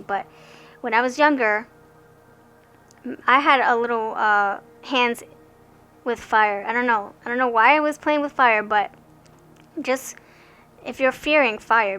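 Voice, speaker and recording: A bright, higher-pitched young woman talks through a tarot reading in a loose, rambling way. She often stumbles and restarts words, and her voice is clear and forward. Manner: chatty, rambling, stammers and restarts. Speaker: tarot card reader. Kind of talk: casual tarot reading to camera.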